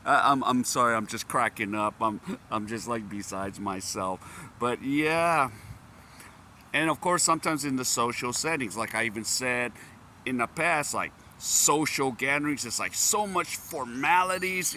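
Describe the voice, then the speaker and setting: Man from the US, casual vlogger, bright tense tone, constant laughter and amused asides, faint noise behind. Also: medium pitch, lively intonation, measured pace. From United States. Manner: laughs often, breaks into amused exclamations. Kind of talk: casual vlog chat.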